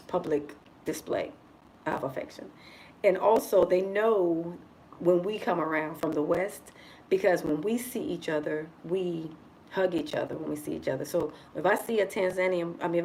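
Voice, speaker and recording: A woman from the United States chatting casually on a livestream from abroad, expressive and joking, calling her viewers y'all. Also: fairly low pitch, creaky, a little hiss or hum, poor audio. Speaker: vlogger living abroad. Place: indoors in Dar es Salaam.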